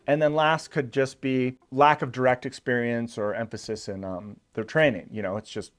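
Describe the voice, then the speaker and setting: A man's voice: medium pitch, steady tone, moderate pace. A man hosting an online video, explaining in a casual, conversational way with loose fillers, and acting out quoted patients with sudden emphasis. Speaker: channel host explaining a health topic.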